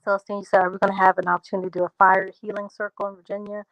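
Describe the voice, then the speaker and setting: Relaxed woman chatting with viewers. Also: medium pitch, very fast, no room sound, muffled recording. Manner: talks straight to viewers, reads out comments and answers them; drifts into a relaxed country drawl. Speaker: livestream host answering viewer comments. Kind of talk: casual livestream chat.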